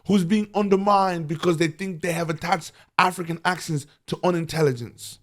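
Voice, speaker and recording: A man's voice: on the high side, steady tone, moderate pace. A man vlogging earnest, impassioned commentary to camera, preaching and repeating phrases for emphasis.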